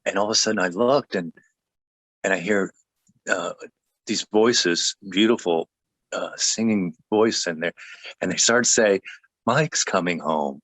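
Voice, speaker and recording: Low-voiced pastor telling his story. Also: a bit bright, no echo. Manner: jokey, laughs often; halting, with many restarts. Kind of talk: personal testimony in conversation.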